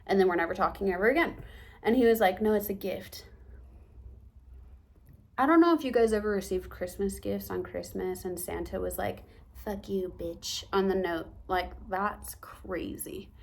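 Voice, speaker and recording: A young woman telling a story to her camera in a casual vlog, animated and acting out the lines people said to her, with whispered asides. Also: medium pitch, moderate pace, vocal fry. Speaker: vlogger.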